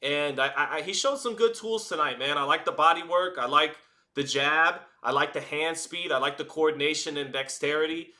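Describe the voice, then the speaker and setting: A man calling a boxing fight live, chatty and energetic, hosting a watch-party stream and often restarting his phrases. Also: on the high side, moderate pace. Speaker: boxing commentator and stream host. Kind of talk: live round-by-round fight commentary.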